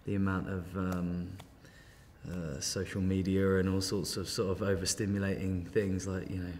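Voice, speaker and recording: Male actor, lower voice, rambling easygoing delivery, reverberant room. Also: little pitch movement, moderate pace, darkish tone, a little hiss or hum. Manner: rambling, many fillers, easygoing. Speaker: actor guest. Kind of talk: casual interview chat.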